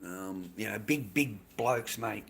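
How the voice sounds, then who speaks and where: A man's voice: on the low side, takes it slowly, creaky, a bit bright. An Australian man chatting casually on a livestream, rambling and swearing constantly, with "mate" in almost every line.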